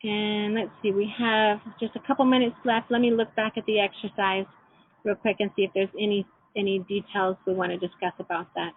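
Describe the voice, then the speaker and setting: A middle-aged woman leading an online class, telling personal stories in a gentle, reflective way. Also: medium pitch, little pitch movement, a little fast. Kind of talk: teleclass lesson with personal stories. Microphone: phone or computer call. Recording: tinny phone line.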